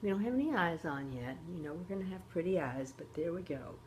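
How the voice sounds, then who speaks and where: A woman's voice: lowish voice, lively intonation, a little fast, darkish tone, a little hiss or hum. An older woman hosting a casual makeup tutorial, chatty and often checking in with her viewers. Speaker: host.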